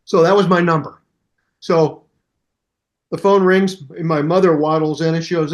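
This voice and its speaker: A man in his seventies, a musician guest in an interview, telling anecdotes in a hyper, animated way and acting out the voices of people in his stories. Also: a little high, moderate pace, pauses often. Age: 70s. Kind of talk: storytelling interview.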